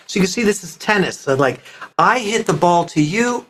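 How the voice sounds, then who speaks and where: A man speaking as a voice coach guest on a podcast interview, explaining expressively with frequent pitch shifts and breaking into quick demonstration voices. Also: expressive, fairly bright tone, slight background noise.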